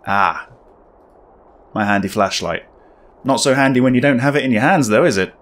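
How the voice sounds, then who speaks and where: A man's voice: mid-range voice, normal speed, fairly bright tone. A man giving casual, wry commentary while playing a horror game, thinking aloud. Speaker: gaming video creator.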